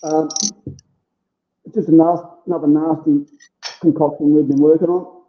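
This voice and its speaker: A man's voice: fairly high pitch, little pitch movement, normal speed. A man, a guest in a casual chat, giving short, hesitant answers with many "um"s. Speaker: guest, jerky maker. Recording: tinny phone-like line.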